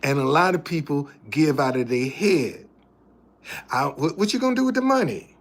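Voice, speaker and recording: A man's voice: fairly high pitch, expressive, normal speed. A man hosting a casual livestream, speaking in an emphatic, preachy way that keeps repeating its points. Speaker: livestream host.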